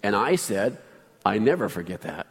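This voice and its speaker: A man's voice: fairly low pitch, sing-song, normal speed, creaky, in a large hall. A man preaching a sermon as pastor, telling a personal story in a chatty way and asking the congregation questions.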